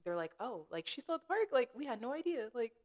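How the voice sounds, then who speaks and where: Animated woman telling a story. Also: on the high side, fast talker. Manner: animated storyteller, acts out quoted lines. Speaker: podcast co-host. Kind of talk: casual storytelling chat.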